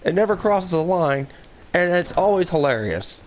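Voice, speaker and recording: A man with a somewhat high voice talks bluntly and excitably in a casual podcast chat. His speech is loose and profane, and a faint ambient hiss sits underneath it. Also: normal speed.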